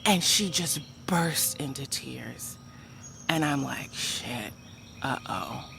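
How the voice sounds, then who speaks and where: Chatty woman telling a story, low voice. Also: takes it slowly, gravelly, a little hiss or hum. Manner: animated, chatty, many "like" fillers, addresses viewers as "y'all". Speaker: vlogger. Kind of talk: personal storytelling to camera.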